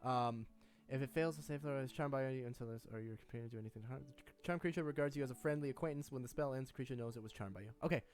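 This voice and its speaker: A man's voice: medium pitch, rapid-fire, few pauses, soft background music. A man narrating as game master, talking in a loose, rambling way with many fillers. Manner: relaxed, rambling, lots of fillers and laughs.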